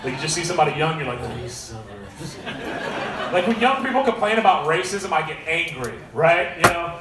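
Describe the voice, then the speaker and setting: A man's voice: fairly high pitch, expressive, fast talker. A man in his thirties doing a stand-up set and emceeing in a comedy club, talking in a sarcastic, punchy, conversational way into a stage mic. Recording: echoey club from far off, crowd noise.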